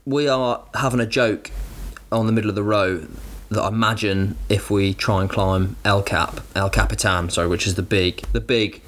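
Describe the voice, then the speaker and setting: A young British man co-hosting a podcast, chatting in a relaxed way, laughing often and chiming in on his friend's story. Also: on the low side, normal speed. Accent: British English. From England. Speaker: podcast co-host. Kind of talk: casual storytelling chat.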